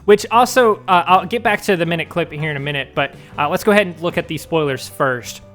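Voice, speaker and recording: Male host, casual fan commentary, slightly high voice, rambling and filler-heavy. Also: fast, a bit bright, soft background music. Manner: rambling, speculative, lots of ums and likes. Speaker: fandom news video host.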